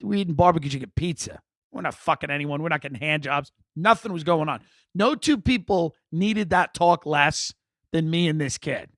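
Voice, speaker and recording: A middle-aged man hosting a comedy podcast, telling a story in a profane, animated, exaggerating way. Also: fairly high pitch, normal speed, dry recording, studio quality. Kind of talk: comic storytelling.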